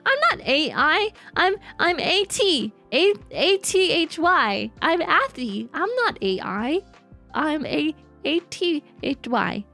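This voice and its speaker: A woman's voice: high-pitched, sing-song, slow, creaky, bright, forceful tone. A woman VTuber chatting casually and playfully with her livestream audience. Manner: bubbly and playful, talks to chat. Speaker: VTuber streamer. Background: faint lo-fi hip hop music.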